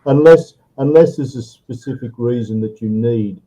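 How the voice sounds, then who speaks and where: Poor video-call audio carries a man's mid-range, dark-toned voice at a moderate pace. As an online English tutor, he explains patiently and checks in after every point with "okay?" and "all right?".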